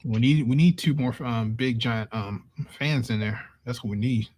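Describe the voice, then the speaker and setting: A man chatting casually on a livestream in a laid-back, halting way. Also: medium pitch, a little mellow.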